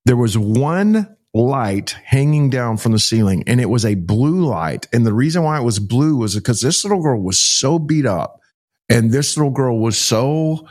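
Middle-aged male pastor, animated storyteller, mid-pitched voice, emphatic and repetitive delivery. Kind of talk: personal storytelling to an interviewer.

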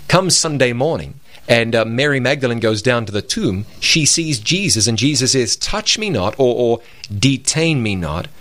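Male radio Bible co-host, emphatic preacher, mid pitch, dry studio. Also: lively intonation, moderate pace, a bit bright, dry recording.

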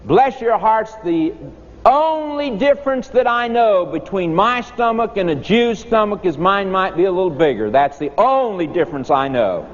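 A man's voice: sits high, expressive, moderate pace. A man preaching a sermon in a folksy storytelling manner. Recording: dull lo-fi recording with long reverb and faint noise.

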